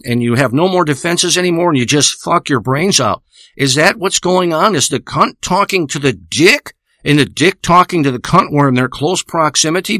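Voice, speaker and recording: A man's voice: fairly high pitch, sharp tone, dry recording. A man delivering a rambling, profane, boastful spoken monologue into a close microphone. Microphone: close studio microphone.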